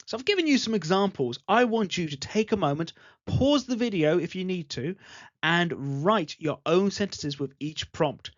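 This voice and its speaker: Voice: medium pitch, lively intonation, normal speed, no echo. An English teacher giving an online grammar lesson, speaking patiently and repeating example sentences. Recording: dull lo-fi voice recording.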